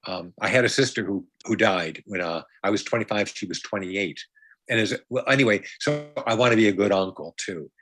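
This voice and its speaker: Low-voiced joking man, chatty guest. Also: brisk, fairly bright tone, no room sound. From Brighton, Rochester, New York. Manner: rambling, jokey, with many restarts and playful asides. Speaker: guest, comedian and magician. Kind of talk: casual conversation.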